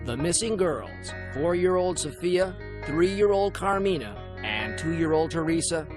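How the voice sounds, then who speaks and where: A man giving scripted news documentary narration in a measured, dramatic delivery. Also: on the high side, expressive. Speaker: program narrator. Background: background music.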